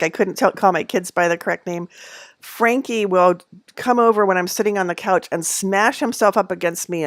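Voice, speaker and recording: A middle-aged woman talks casually to her viewers from home, rambling along with plenty of fillers and soft laughs. Her voice sits on the low side for a woman and is recorded dry and close, with no room echo. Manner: coos in a high voice at her cats. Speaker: knitting channel host. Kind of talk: casual livestream chat.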